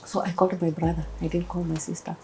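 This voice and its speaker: A woman's voice: fairly low pitch, quick pace, a little hiss or hum, poor audio. A woman in her thirties with a Kenyan accent, a guest telling her personal story in an interview and acting out what others said. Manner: animated storytelling, acting out quoted voices.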